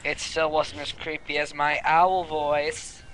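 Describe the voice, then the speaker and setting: A man's voice: on the high side, level tone, takes it slowly, a bit bright, a little hiss or hum, low-quality recording. A man joking casually through a game playthrough, full of quips. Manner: jokey, quips and mock voices. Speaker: let's play co-host.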